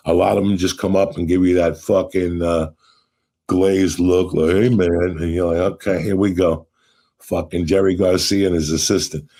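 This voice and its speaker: A middle-aged man hosting a podcast, telling stories in a profane, animated way and acting out what people said. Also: low-pitched, normal speed. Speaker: podcast host. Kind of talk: casual storytelling chat.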